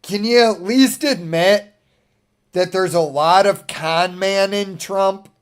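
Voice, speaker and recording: A man's voice: high voice, takes it slowly, clean tone. A man talking casually as a streamer, ranting in a profane, exasperated way and laughing often.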